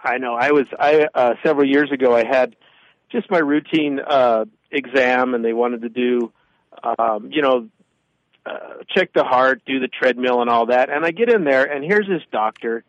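A man in his fifties co-hosting a radio talk show, telling lively anecdotes and acting out both sides. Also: medium pitch, moderate pace, no echo, lo-fi sound. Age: 50s. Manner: animated storyteller, acts out both sides of anecdotes.

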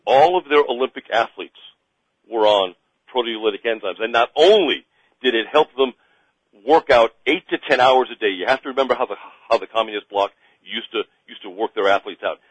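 A man answering interview questions as a doctor, explaining confidently with frequent halting repeats and fillers. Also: mid-range voice, no room sound, rough recording. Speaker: guest expert, doctor.

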